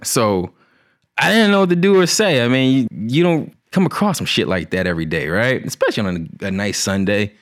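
A man casually telling a funny personal story, profane and animated with laughing asides. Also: on the low side, brisk.

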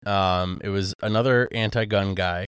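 A man co-hosting a podcast in relaxed, casual chat. He rambles and restarts often, filling pauses with "um" and "like." His voice is smooth and resonant, and it sounds close and dry. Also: low-pitched, dry recording. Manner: rambling with many fillers and restarts. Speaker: podcast co-host.

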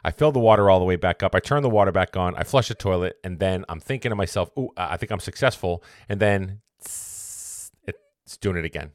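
Man, podcast host, low voice, dry close sound, rambling casual story, motivational. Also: fast talker, hardly any pauses, no room sound. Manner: rambling, self-correcting, motivational.

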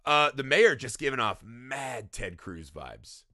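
A man's voice: mid-range voice, slow pace, no echo, clean studio sound. A man co-hosting a podcast, talking about films in casual, profane chat and often tagging "right?" onto his sentences. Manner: profane, animated, keeps saying "right?". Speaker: podcast co-host.

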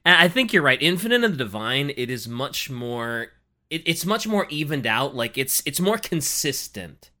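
A co-host on a casual book-discussion podcast, chatty and lively, laughing and swearing casually. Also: medium pitch, moderate pace.

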